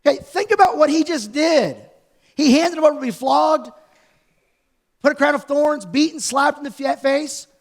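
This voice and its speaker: A pastor delivering a sermon in a church in a loose, conversational way, retelling scenes with animated asides. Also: male voice, extremely high pitch, moderate pace. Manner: conversational, animated storytelling preacher. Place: church sanctuary.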